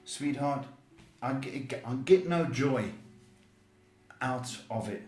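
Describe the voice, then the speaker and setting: Slow, emphatic male psychic host. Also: medium pitch, lively intonation, a little mellow, reverberant. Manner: emphatic, blunt advice with repeated words and restarts. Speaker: psychic tarot reader and show host. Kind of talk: live-stream advice show.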